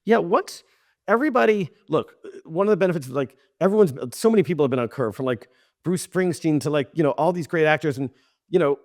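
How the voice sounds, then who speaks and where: A middle-aged man, a TV director, telling behind-the-scenes stories in a casual interview, animated and quick to laugh, with many restarts. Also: a little high, no echo, studio quality. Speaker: TV director and writer, guest.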